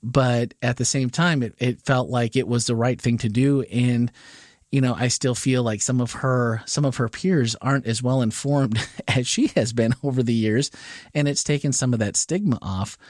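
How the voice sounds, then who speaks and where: A man's voice: medium pitch, normal speed, darkish tone, no echo, studio quality. A middle-aged man, a podcast co-host, telling a family story in casual chat and briefly raising his voice to quote his daughter.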